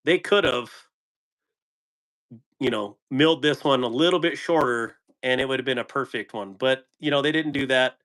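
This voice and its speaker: A man's voice: mid-range voice, moderate pace, fairly bright tone. A man in the middle of his range, talking loosely on a live stream. He rambles, chuckles often and answers viewers as he shows off gear. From United States. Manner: laughing, rambling, reading chat. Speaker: knife channel host on a live stream. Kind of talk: casual live-stream chat.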